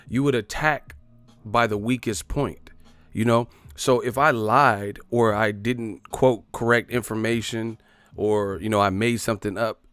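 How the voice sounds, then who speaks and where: A man's voice: medium pitch, fairly bright tone, no room sound. A man ranting in boxing commentary, brash, combative and profane.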